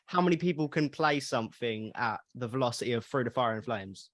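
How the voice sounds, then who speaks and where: Man, podcast host, eager, chatty, mid pitch. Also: animated, brisk, a bit bright. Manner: enthusiastic, fan-like interjections. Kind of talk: casual chat.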